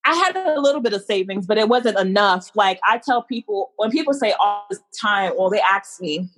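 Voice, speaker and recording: A woman from New Jersey tells her story in a casual interview with a middle-pitched voice. She jumps high in pitch whenever she acts out what other people said, switching between quick rushes and slow, drawn-out stretches. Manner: animated, acts out quoted dialogue with big pitch swings. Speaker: entrepreneur guest.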